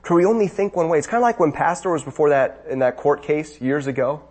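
A man's voice: on the high side, fast, a little mellow, breathy edge. A man preaching a sermon, asking rhetorical questions and building to emphatic bursts.

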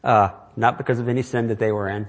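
A man's voice: medium pitch, steady tone, fast. A middle-aged man preaching a sermon as pastor, earnest and repeating phrases for emphasis.

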